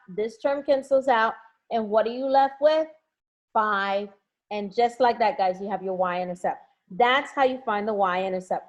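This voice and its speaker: Woman teacher on a video call, fairly high voice, keeps cheering the kids on. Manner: encouraging, coaxing students. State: has a headache. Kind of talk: online class review.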